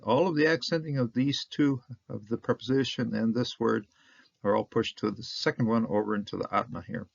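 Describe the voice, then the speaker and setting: A man teaching a Hebrew Bible reading word by word, halting often with fillers and restarts. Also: medium pitch, creaky, dry recording. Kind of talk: Bible language lesson. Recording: dry, dull lo-fi.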